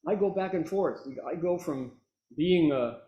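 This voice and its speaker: A man's voice: fairly high pitch, measured pace, mellow, highs cut off, pitched above the performer's own voice, close to an everyday voice. A man voicing an anxious, hot-tempered male reporter who stammers earnestly, in an echoey room.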